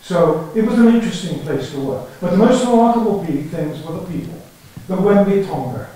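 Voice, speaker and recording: An older man delivers a conference lecture, his voice pitched a little high. He tells field stories with dry, wry humour. The sound is distant and very echoey, as if picked up from the back of a large hall. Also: animated, normal speed, dark tone. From England. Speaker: archaeology lecturer. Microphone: lectern or headset mic, battery trouble.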